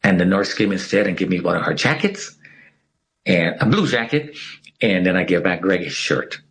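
A man with a fairly low voice tells a personal story to an interviewer. He is an animated storyteller whose pitch swings widely as he acts out what other people said. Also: normal speed. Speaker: interview guest. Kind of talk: telling a personal story in conversation.

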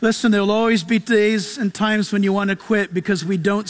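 A man preaching a sermon, swinging between loud urgent appeals and hushed asides, acting out little quotes as he goes. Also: high-pitched, fairly even intonation, a little fast, a faint crowd. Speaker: pastor.

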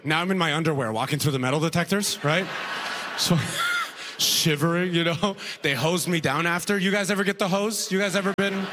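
Male comedian, slightly high voice, casual set with crowd asides, hall echo. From Alberta, Canada. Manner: conversational, frequent "right?" asides, drawled impressions. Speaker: stand-up comedian. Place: comedy festival stage before a live audience.

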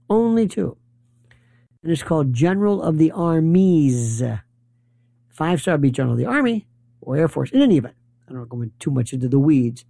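A man's voice: on the high side, vocal fry, mellow, dry recording. A man giving an opinionated political monologue, emphatic and rambling, full of rhetorical questions.

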